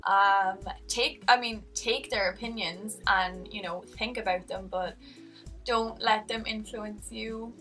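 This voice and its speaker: A woman's voice: medium pitch, steady tone, slow, bright, forceful tone, distant mic, faint music behind. A young adult woman, talking earnestly in a casual vlog, rambling a little and restarting her sentences. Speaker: vlogger.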